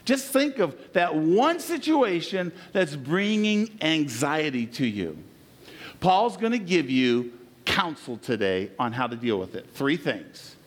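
Animated, high-voiced male preacher. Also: takes it slowly. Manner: emphatic preaching that drops to soft, low, intimate passages. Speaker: pastor. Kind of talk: sermon.

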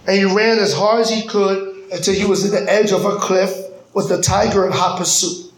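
A male pastor preaching a sermon in a church, with dramatic pauses and rising emphasis. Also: high-pitched, reverberant, poor audio. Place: church sanctuary. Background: soft keyboard music.

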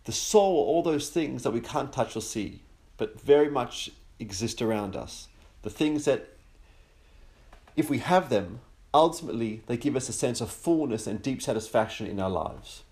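Man giving a measured Sabbath talk. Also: mid-range voice, expressive, a little mellow. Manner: measured, slows down to stress key words and builds through long lists. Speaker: podcast host teaching on the Sabbath. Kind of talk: relaxed religious teaching with an opening joke.

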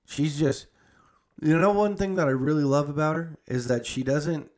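Recounting a family visit, a young man tells a long, rambling tale in casual speech full of "like" and false starts. His voice is fairly high, and he talks at an ordinary speed.

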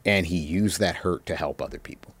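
Low-voiced man, halting and reflective. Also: breathy edge. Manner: halting, reflective, many pauses and fillers. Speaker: interview guest. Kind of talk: reminiscing anecdotes.

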